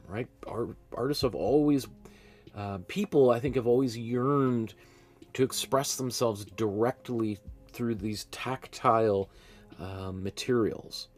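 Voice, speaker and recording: A man with a medium-pitched, somewhat mellow voice hosts a live painting class from his studio, keeping it casual as he streams. He rambles chattily, laughs at himself a lot, and is hiccuping.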